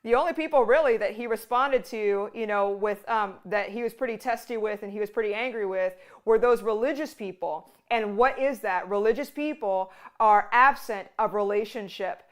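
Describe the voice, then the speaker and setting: A woman's voice: mid-range voice, normal speed, few pauses. A woman hosting a ministry show, teaching in a casual, conversational way with many "like"s and restarts. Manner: conversational, full of "like" and restarts, acts out quotes. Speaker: ministry host.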